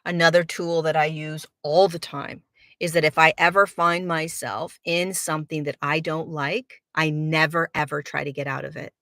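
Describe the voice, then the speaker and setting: A woman's voice: low voice, level tone, normal speed, bright, forceful tone, dry recording, studio quality. A woman hosting a spiritual podcast, talking earnestly in a reflective monologue and repeating words for emphasis. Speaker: spiritual teacher and podcast host.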